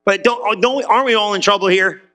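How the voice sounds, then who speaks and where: A man with a high, bright voice preaches in a loose, chatty way. He slips into little acted-out voices and trips over his words as he restarts his sentences. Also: a little fast. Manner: conversational, acts out quoted voices; repeats himself with restarts. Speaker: pastor. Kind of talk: lively sermon.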